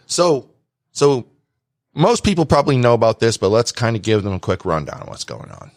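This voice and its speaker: A man's voice: medium pitch, big pitch swings, brisk, darkish tone, no room sound, studio quality. A man co-hosting a podcast, ranting in a heated, sarcastic way. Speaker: podcast co-host. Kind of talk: opinionated political rant.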